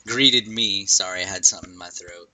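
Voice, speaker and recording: A man's voice: deep voice, a little fast, crowd noise. A man chatting on a podcast with friends, asking questions and teasing. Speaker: podcast co-host. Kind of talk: casual chat.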